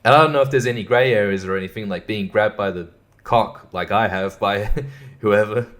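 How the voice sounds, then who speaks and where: A man's voice: on the low side, moderate pace, fairly bright tone. A man hosting a podcast alone, rambling in a sarcastic, profane way and chuckling to himself. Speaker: podcast host. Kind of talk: casual podcast monologue.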